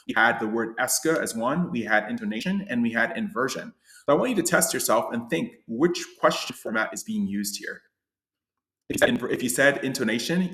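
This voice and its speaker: A man teaches a French lesson at a middling pitch, talking loosely and often rephrasing or correcting himself as he goes. His voice carries a roomy echo around it. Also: a bit bright. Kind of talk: online lesson explaining slides.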